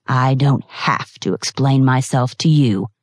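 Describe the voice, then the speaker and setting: A curt, contemptuous older boss with a dark, low voice, as a female audiobook narrator puts him on. His words come clipped and cold. It sounds close and dry, with no room around it. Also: measured pace, no room sound. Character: short-tempered older male boss.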